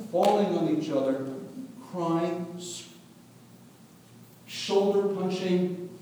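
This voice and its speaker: A man retells a scripture story in a lively, animated way, often restarting his sentences. His voice is mellow and set far back from the mic. A strongly echoing hall and a faint rumble sit behind him. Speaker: religious teacher.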